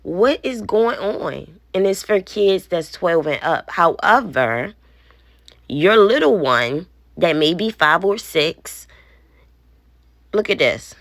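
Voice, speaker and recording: Slow, low-voiced indignant mother. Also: lively intonation, no room sound, studio quality. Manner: indignant, blunt, swears. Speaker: parent vlogger. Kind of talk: casual vlog, showing a phone.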